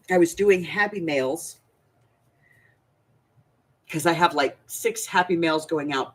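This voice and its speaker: A woman hosting a crafting channel, chatting casually and rambling, with frequent restarts and laughter. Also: low-pitched. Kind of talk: casual chat.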